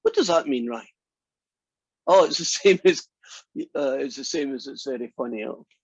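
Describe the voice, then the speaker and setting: A math lecturer talks casually and rambles with jokes to his online class. His voice is husky and dry, over a dull, lo-fi video-call sound. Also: medium pitch, lively intonation, moderate pace, no room sound. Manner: rambling, joking.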